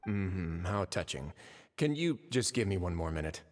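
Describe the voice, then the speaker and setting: A wry, drawling warden. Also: male voice, low-pitched, sing-song, normal speed, in a large hall. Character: suave male prison warden, dry wit. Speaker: game character.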